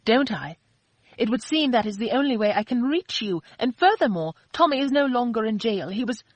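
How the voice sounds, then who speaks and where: A woman narrator voicing a spirited, quick-tempered young woman who answers back with sharp, indignant retorts. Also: a little high, animated, no echo, dull audio, pitched above the performer's own voice. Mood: angry.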